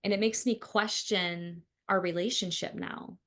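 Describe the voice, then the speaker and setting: A woman's voice: fairly low pitch, fairly even intonation, unhurried, a bit bright. A woman co-hosting a podcast who talks with clients as a counselor, giving blunt, opinionated views in casual chat.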